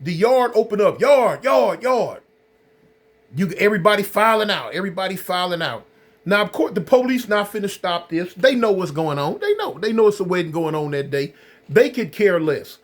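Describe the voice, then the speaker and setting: A man's voice: high voice, very animated, a little fast. A man casually telling his viewers a story in a rambling way. He uses loose slang and repeats his phrases. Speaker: channel host recounting prison life.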